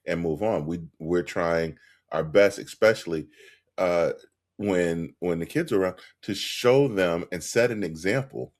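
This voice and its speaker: A man with a very deep voice talks calmly and reflectively. He speaks in a relaxed podcast conversation. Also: a little slow.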